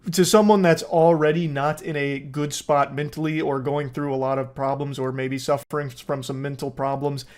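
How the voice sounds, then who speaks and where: A young man giving casual, deadpan and sarcastic commentary as a host, swearing freely. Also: fairly high pitch.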